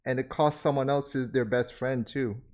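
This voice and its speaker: A man's voice: mid-range voice, fairly even intonation, moderate pace, darkish tone. A man hosting an anime reaction, giving casual commentary full of exclamations, laughter and swearing, and talking straight to his viewers. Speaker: anime reaction channel host.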